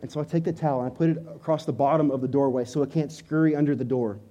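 A man in his thirties preaching a sermon, telling a story with animated delivery and loud bursts when acting out his own lines. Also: mid-range voice, rapid-fire, lo-fi sound. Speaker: pastor.

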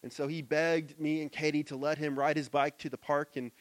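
High-voiced pastor preaching in a dry room. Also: male voice, level tone, fairly quick, no room sound. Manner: conversational preaching, swings from soft asides to loud emphatic stretches. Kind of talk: sermon. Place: church.

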